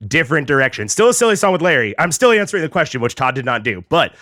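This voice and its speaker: A man pitching a comedy idea to a panel in a slow, mock-serious way. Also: big pitch swings, pushed and bright, no room sound, clean studio sound. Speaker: podcast panelist.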